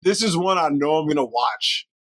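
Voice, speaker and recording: Man, podcast co-host, casual chat, slightly high voice, dry close sound. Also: expressive, normal speed, a bit bright, dry recording. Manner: laughs a lot, quotes film lines in put-on voices.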